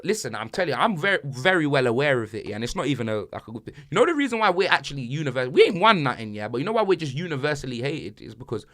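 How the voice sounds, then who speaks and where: A man hosting a football banter podcast, talking in slang with loud, laughing bursts. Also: mid-range voice, big pitch swings, very fast, hardly any pauses.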